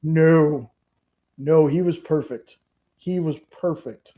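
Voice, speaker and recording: A man with a mellow, warm voice, talking pitched a little above the usual male range. He chats casually about films as a co-host of a live stream, excited and given to repeating his points. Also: slow pace. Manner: enthusiastic, repeats himself. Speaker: podcast co-host. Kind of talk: casual chat.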